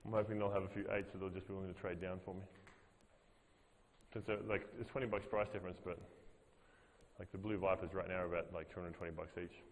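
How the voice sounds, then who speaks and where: A man's voice: sits low, flat delivery, fast, pauses often, in a large hall, poor audio. A man teaching as a fitness master trainer, explaining movements to a group step by step and repeating his cues. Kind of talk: coaching a group workshop.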